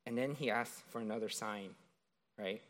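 A man's voice: on the low side, moderate pace, fairly bright tone. A man preaching a sermon in a conversational way, retelling a scripture story and often checking in with "right?".

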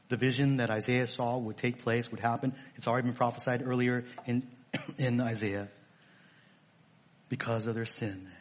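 A male pastor preaching a sermon, emphatic and repetitive, firing off rhetorical questions. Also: mid-range voice.

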